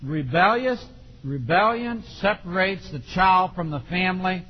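Animated folksy preacher man in a hall. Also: high voice, moderate pace, slightly rough. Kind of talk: sermon. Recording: dull lo-fi recording in a long-reverb hall.

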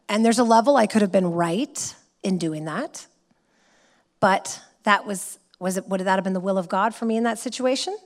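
A middle-aged woman preaches in a relaxed, conversational way. Her voice sits at a medium pitch, and she tells stories with lively energy. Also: moderate pace. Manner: conversational, lively storytelling with laughs. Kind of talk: sermon.

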